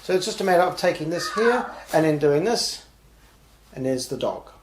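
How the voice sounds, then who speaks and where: A man casually demonstrating and explaining a magic trick, relaxed and talking as he shows each move. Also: a little high, moderate pace, echoey room. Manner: relaxed, talks while showing moves. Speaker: magic instructor.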